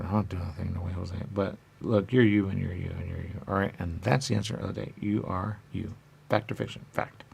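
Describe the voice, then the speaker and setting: Low, darkish, and marked by vocal fry, the man's voice comes with a little hiss or hum. As a radio host he rambles comically, looping through questions he asks and answers himself in a silly way.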